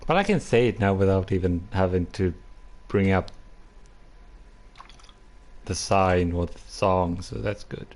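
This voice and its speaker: A man's voice: low voice, unhurried, pauses often, darkish tone. A young man chatting casually on a live stream, rambling and apologizing for himself. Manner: rambling, self-conscious, apologetic.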